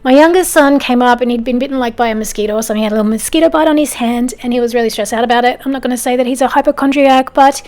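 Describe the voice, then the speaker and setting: An Australian woman talks through her day in a relaxed, chatty voice-over. Her voice sits a little on the high side. She sounds lightly amused and conversational, like she is chatting with a friend. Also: rapid-fire, few pauses. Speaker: home and lifestyle vlogger. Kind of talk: casual voice-over narration.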